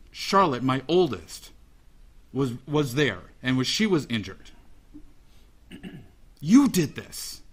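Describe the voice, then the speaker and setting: A father giving an emotional, halting victim statement in a courtroom, repeating phrases as he speaks. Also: fairly high pitch, fairly bright tone, husky.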